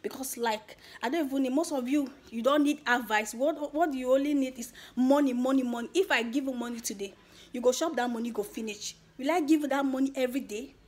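A Nigerian woman talks straight to her viewers with earnest, preachy energy, urging them to work hard. Her voice is husky and breathy, sitting a little high for a woman, and she slips into Pidgin as she goes. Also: fairly quick, a little mellow. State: emotional, near tears at the end. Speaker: YouTuber. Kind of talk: motivational talk to viewers.

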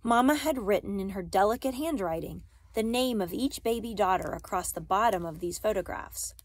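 A woman reading a novel aloud, careful and steady, with occasional small slips she corrects. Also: medium pitch, moderate pace, no echo. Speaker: reader.

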